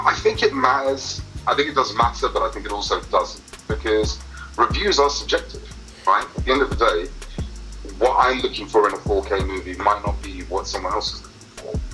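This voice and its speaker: A man's voice: lowish voice, moderate pace, pushed and bright, faint music behind, poor audio. A man answering audience questions in a casual chat, hesitant and chatty with lots of fillers. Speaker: YouTube movie reviewer answering questions.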